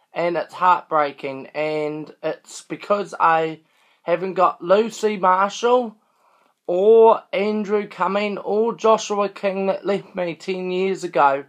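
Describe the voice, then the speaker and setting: A man's voice: sits high, fairly bright tone. A man, upset and pleading in a personal video appeal. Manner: distressed, pleading.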